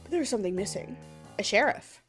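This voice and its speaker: A pompous lobster police officer from a game, read aloud by a woman tells a story with bouncy, lively pitch. He lays on his own importance and talks down a little to his partner. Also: quick pace, faint music behind, close to an everyday voice. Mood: self-important.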